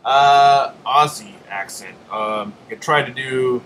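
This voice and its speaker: A man's voice: mid-range voice, slow, a bit bright, slight background noise, poor audio. A man hosting a casual live stream, rambling and joking as he answers chat.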